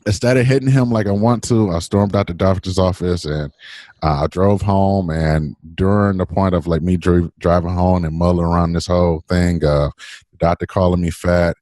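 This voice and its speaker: Man, low voice, animated storyteller, dry close sound. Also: normal speed, no echo. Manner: animated, laughing, acts out quoted voices. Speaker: podcast guest. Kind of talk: casual storytelling.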